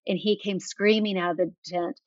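A woman author guest tells enthusiastic, anecdote-driven stories in an interview, with plenty of fillers. Her mid-range voice has fairly even intonation and a normal speed, in a dry, dull lo-fi recording.

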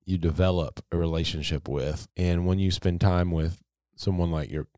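A man with a very low voice talking in a relaxed podcast chat. He sounds agreeable and reflective, trails off often and uses many fillers. He is recorded close and dry. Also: moderate pace, clear, resonant tone, dry recording. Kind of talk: casual chat.

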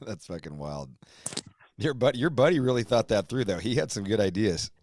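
A man hosting a podcast, reacting to his guest with quick interjections and laughter. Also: on the low side, lively intonation, darkish tone, slight background noise. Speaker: podcast host. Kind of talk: casual interview chat.

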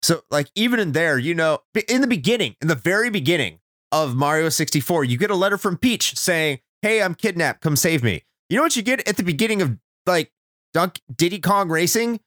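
A man's voice: fairly high pitch, expressive, brisk, fairly bright tone, no echo, studio quality. A man co-hosting a casual podcast chat, ranting sarcastically and swearing often. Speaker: podcast co-host.

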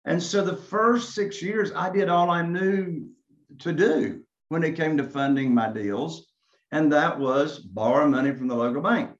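A man's voice: on the high side, unhurried. A man from Eastern North Carolina, a real estate investor telling his story in a conversation and acting out phone calls. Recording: echoey, dull lo-fi sound.

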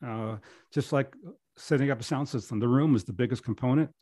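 A man's voice: medium pitch, fairly quick, warm tone, no room sound, studio quality. Middle-aged man telling stories casually. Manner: rambling anecdotes with many restarts. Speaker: podcast guest. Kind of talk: casual storytelling.

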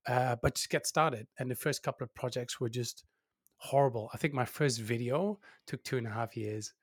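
A man's voice: medium pitch, moderate pace, slightly rough, no echo. Guy on an interview, laid back and blunt, chuckling, doing little voices for quotes, dead dry sound. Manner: lively and candid, often acts out quoted inner voices, chuckles. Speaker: interview guest, YouTuber. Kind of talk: casual interview conversation.

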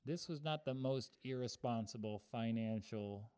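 A man's voice: medium pitch, unhurried, darkish tone, clear, resonant tone. A young man hosting a casual sports betting podcast, joking and self-deprecating as he riffs with his co-host.

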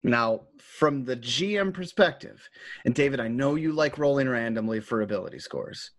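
A man's voice: medium pitch, expressive, moderate pace, no room sound. A man hosting a tabletop gaming podcast as game master, explaining rules in casual chat with offhand swearing.

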